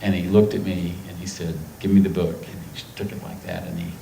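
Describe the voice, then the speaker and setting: Man, middle-aged, from North Carolina, deep voice, rambling emotional storyteller, echoey hall. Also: huge pitch swings, a little fast, gravelly, mellow. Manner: rambling, emotional, acts out quotes. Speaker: author on festival panel. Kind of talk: anecdotal storytelling to an audience. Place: festival stage before a live audience. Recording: echoey hall with faint noise.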